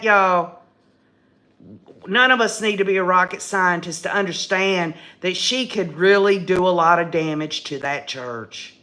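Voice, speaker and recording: A middle-aged woman hosts a live true-crime stream, speaking slowly and with heavy emphasis. Her bright, clear voice leans hard on key words as she keeps calling her viewers "y'all". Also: fairly low pitch. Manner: emphatic, addresses viewers as "y'all", repeats and restarts when indignant. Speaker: livestream host.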